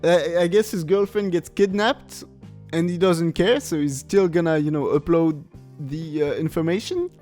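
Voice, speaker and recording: A man's voice: on the high side, moderate pace, a little mellow, soft background music. A man hosting a podcast, rambling casually through a comedic film review with frequent laughs and filler words. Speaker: podcast host.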